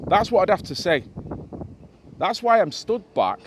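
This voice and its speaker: A man's voice: high voice, lively intonation, normal speed. A middle-aged man ranting emphatically to camera in a vlog, swearing freely. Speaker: vlogger. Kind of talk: impassioned monologue to camera.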